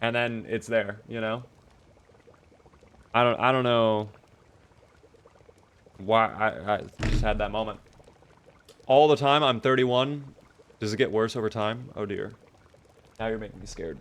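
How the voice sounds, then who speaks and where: A man's voice: fairly low pitch, a little slow, long pauses, a bit bright, slight background noise. A man streaming a video game live, chatting casually and answering viewer messages as he plays.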